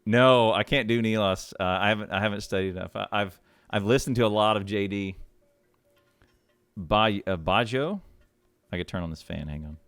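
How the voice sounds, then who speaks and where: A man hosting and casting a game match on a live stream, chatty and quick to laugh. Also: fairly low pitch, a bit bright, clear, resonant tone, no echo, soft background music. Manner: chatty, with lots of laughs and restarts. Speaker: shoutcaster and match host. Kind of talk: casual live stream talk.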